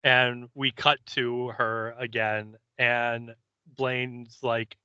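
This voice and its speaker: A man co-hosting a podcast, casually recapping an episode scene by scene and slipping into quick character voices. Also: mid-range voice, flat delivery, bright, forceful tone, smooth, no room sound, muffled recording. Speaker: podcast co-host.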